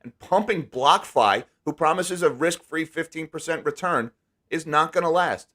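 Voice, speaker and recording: A man's voice: on the high side, moderate pace, sharp tone. A man hosting a casual live stream, talking candidly and with emphasis, often restarting his words. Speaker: host.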